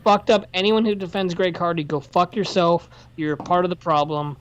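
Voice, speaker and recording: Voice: mid-range voice, steady tone, moderate pace, dull audio, a little hiss or hum. A podcast co-host in casual chat, ranting heatedly and profanely, then apologizing for the outburst. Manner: apologetic after rants. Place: workplace.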